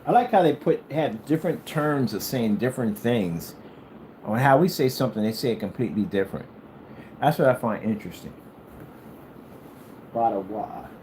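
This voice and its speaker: A man from the United States talking casually to his vlog audience, rambling and repeating himself, sometimes drawing words out slowly. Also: medium pitch, animated, a little mellow, slight background noise, low-quality recording. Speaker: vlogger.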